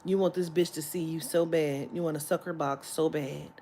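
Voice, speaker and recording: A woman's voice: low-pitched, fairly even intonation, normal speed, mellow, a little hiss or hum. A woman vlogger telling a story in a heated, profane rant that breaks into laughter.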